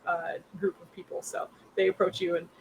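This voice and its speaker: A woman's voice: fairly low pitch, flat delivery, fairly quick, gravelly, darkish tone, a little hiss or hum, rough recording. A young woman narrating as game master in a rambling, filler-heavy, giggly way.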